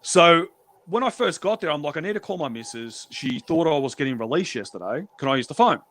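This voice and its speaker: A man's voice: fairly high pitch, very animated, brisk, a bit bright. A man telling prison stories on a stream in a blunt, profane way, acting out the exchanges he quotes. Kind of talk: casual storytelling.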